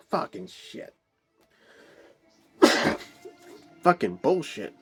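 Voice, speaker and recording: A man with a fairly low voice rambles through a casual movie review. He swears constantly, stumbles through fillers and restarts, and breaks into exasperated outbursts.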